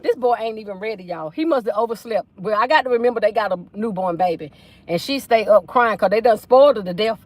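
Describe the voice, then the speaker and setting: A woman's voice: mid-range voice, fast talker, no room sound. A woman hosting a casual livestream from inside a car, chattily reading out viewer comments. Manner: chatty, reads viewer comments aloud, folksy. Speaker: livestream host.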